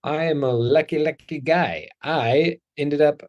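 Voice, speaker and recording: A man's voice: on the high side, unhurried, a little mellow. A man hosting a casual talk show, talking in a playful, chatty way and joking about himself. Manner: playful, chatty, self-deprecating. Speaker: host.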